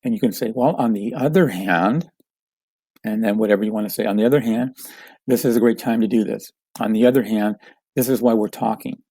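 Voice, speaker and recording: A man teaching a communication lesson, calmly explaining with example phrases. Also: fairly low pitch, brisk, breathy edge, no echo. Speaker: communication coach.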